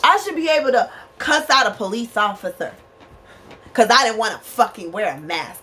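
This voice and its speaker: A woman's voice: on the high side, lively intonation, normal speed, fairly bright tone. A woman, ranting angrily and profanely to her viewers from a small bedroom. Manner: angry, profane, emphatic, addresses viewers as y'all. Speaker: vlogger. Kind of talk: impassioned rant to camera. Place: small bedroom with a fan running.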